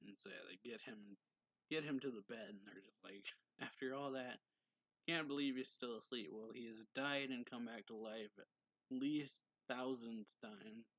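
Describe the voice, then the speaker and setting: A man's voice: medium pitch, normal speed, a bit bright, no echo, poor audio. A man giving a casual, rambling recap of a manga chapter, reading characters' lines with small lifts in his voice. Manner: retells scenes loosely, acting out characters' lines with slight lifts. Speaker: manga reviewer.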